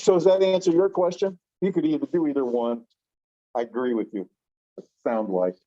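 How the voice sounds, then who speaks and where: A middle-aged man teaching a language class in a chatty, animated way, often asking the class questions. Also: a little high, brisk, lo-fi sound. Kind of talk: classroom lecture.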